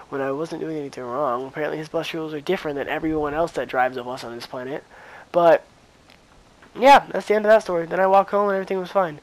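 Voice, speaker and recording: A man's voice: a little high, steady tone, fast talker, dry recording, rough recording. A teenage boy vlogging, rambling through a story with lots of fillers and acted-out dialogue. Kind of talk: casual storytime.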